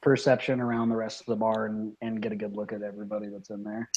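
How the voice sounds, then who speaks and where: A man's voice: fairly low pitch, little pitch movement, quick pace, darkish tone, dull audio. A man playing his character in a home tabletop game, talking casually and swearing now and then. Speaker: player.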